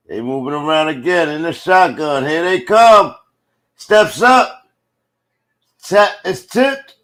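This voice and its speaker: A man calling a football game live for his viewers in a casual, slangy way. His voice sits a little high, and he talks at an unhurried pace. He keeps bursting into loud, excited exclamations on the big plays. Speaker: live play-by-play host. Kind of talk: casual live play-by-play commentary.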